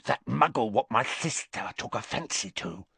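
A man voicing a volatile drunken older hermit who speaks in rough, coarse country speech. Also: mid-range voice, animated, moderate pace, a bit bright, no echo, exaggerated voice. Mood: dazed, muttering.

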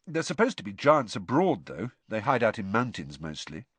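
A man's voice: on the low side, very animated, normal speed, fairly bright tone, husky, dry recording, full character voice. A man voicing an awkward, blustering teenage boy who fumbles for words. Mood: fumbling chatty. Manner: fumbling, blustering, hesitant restarts.

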